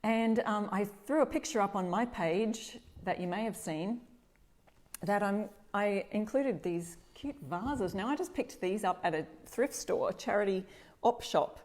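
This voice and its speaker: A woman's voice: medium pitch, measured pace, a little mellow. Chatty Australian woman hosting a craft live. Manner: chatty, greets viewers by name. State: slightly stuffy, clearing throat. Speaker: DIY craft host. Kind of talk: casual live-stream chat. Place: home workshop.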